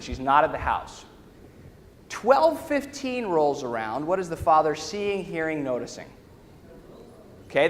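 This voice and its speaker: A man, a workshop trainer, telling a story to a live audience in a large lecture hall and often checking in with his listeners. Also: high voice. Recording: echoey hall with faint ambience.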